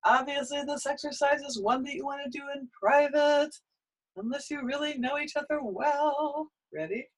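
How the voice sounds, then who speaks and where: A woman leads a voice lesson, explaining each warm-up exercise and then cueing students with quick prompts. She keeps a friendly teaching tone. Between rounds she sounds short of breath. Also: high voice, a little hiss or hum, low-quality recording. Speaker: singing teacher.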